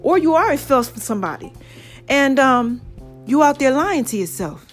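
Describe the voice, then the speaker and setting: A woman with a high voice tells a story to her viewers in a loose, chatty way. She talks with energy and emphasis and turns to her audience again and again. Soft music plays faintly behind her. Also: big pitch swings, moderate pace. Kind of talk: casual storytelling to camera.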